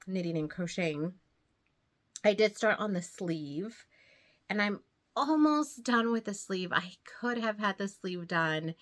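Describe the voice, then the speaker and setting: A woman's voice: lowish voice, fairly bright tone. Chatty, slightly breathless woman vlogger. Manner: chatty, rambling, laughs often. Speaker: knitting vlogger. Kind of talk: casual chat to camera.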